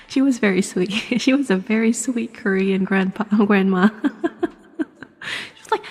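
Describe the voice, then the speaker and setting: A young woman streamer with a voice roughened by a cold, chatting casually. She giggles often, fills her talk with "like," and sometimes drops into a whisper. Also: mid-range voice, a little slow, long pauses. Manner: giggly, soft and filler-heavy, drifting into whispers. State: sick, slightly rough voice.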